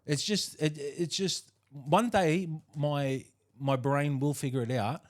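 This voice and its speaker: A man's voice: a little high, slow. A man with an Australian accent in casual podcast banter, rambling and musing aloud with a wry tone.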